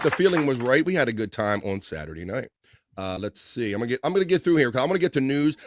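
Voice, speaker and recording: A man hosting a casual livestream, reading viewer comments aloud in a loose, joking way with bursts of excitement. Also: a little high, no room sound. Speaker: livestream host.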